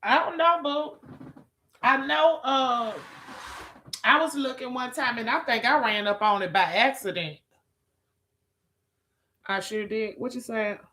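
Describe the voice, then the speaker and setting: A woman's voice: fairly high pitch, unhurried, pauses often, pushed and bright. A woman chatting with viewers on a live stream, sassy and profane, calling people girl, child and honey. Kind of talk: casual live-stream chat.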